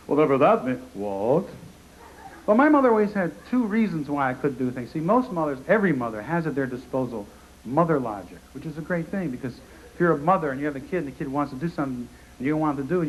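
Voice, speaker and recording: Sardonic stand-up comedian on a live stage. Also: male voice, on the high side, low-quality recording. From Connecticut, US. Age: 40s. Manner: sardonic, rapid-fire, lots of asides. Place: theater stage in front of a live audience. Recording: live concert recording with audience noise.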